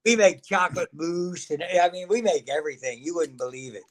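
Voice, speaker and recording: Older guy spinning stories, voice sits a bit high, laughs a lot. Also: fairly quick. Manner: folksy, laughs often, acts out quotes. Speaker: guest. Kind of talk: casual storytelling chat.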